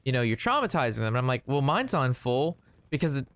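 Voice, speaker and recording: A man chatting casually while playing a card game, retelling an anecdote in an animated, rambling way. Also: mid-range voice, fast talker. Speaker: gaming streamer. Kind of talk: casual gameplay commentary with storytelling.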